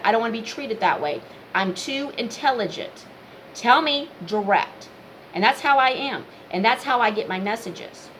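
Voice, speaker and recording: A woman's voice: on the high side, a bit bright, slight background noise, rough recording. A woman vlogger giving a blunt, preachy monologue, firing off rhetorical questions. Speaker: vlogger, spiritual advisor. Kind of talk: unscripted opinion monologue.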